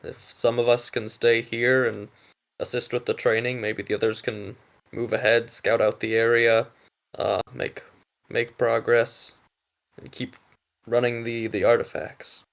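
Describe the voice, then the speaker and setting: A man playing a tabletop game, talking in character in a calm, measured way. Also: medium pitch, gravelly. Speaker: player. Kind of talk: tabletop role-play in character.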